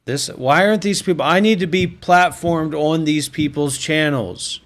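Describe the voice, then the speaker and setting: A man's voice: fairly high pitch, normal speed, fairly bright tone. A man streaming a reaction video, ranting and hurling profane insults in a mocking tone.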